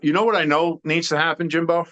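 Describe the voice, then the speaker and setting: A man's voice: fairly high pitch, fairly even intonation, quick pace, a bit bright, muffled recording. A man co-hosting a sports podcast in casual chat, opinionated and emphatic, rambling with fillers. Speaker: podcast co-host.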